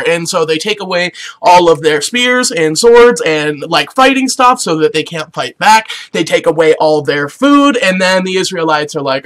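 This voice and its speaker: Bright high-voiced young man telling a comic story. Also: normal speed, low-quality recording. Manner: slangy, animated, acts out quoted characters. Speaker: comedic storyteller. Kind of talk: casual comedic retelling.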